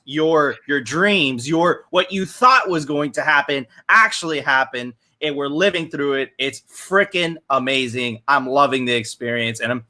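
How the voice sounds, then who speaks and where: A man's voice: mid-range voice, bright, forceful tone. A man speaking as a guest on a live panel, enthusiastic and rambling. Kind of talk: casual panel chat.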